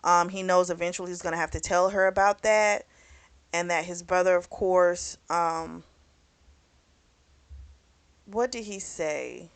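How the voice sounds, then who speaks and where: Speaking at a fairly low pitch with fairly even intonation, this book club vlogger talks through a novel at a measured pace, pausing often. She's loose, frank and chatty, peppering her recap with "you know," "like," and the occasional curse.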